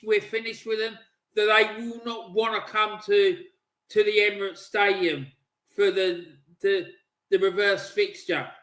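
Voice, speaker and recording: A man giving a fiery, sweary pre-match team talk as a football fan streamer, ranting and shouting orders. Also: high voice, echoey room, rough recording.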